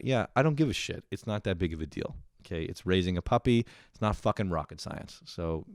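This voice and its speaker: A man's voice: low voice, animated, a little fast, hardly any pauses, darkish tone, no room sound, clean studio sound. A man hosting a casual comedic podcast, ranting with profanity and sarcasm. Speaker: podcast host.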